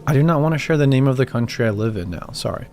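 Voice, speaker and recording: A man calmly reading first-person horror stories as a scripted narration, with music behind him. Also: medium pitch, very fast. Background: background music.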